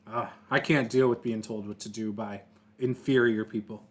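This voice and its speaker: A man's voice: on the low side, fairly even intonation, moderate pace. A man playing a tabletop role-playing game, asking wry, probing questions in character. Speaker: player.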